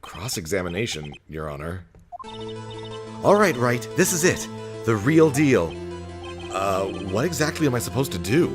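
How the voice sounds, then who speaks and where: A man's voice: mid-range voice, very animated, normal speed, pauses often, over music, natural voice. A man voicing a nervous young male defense lawyer in a video game, hesitant and unsure of himself.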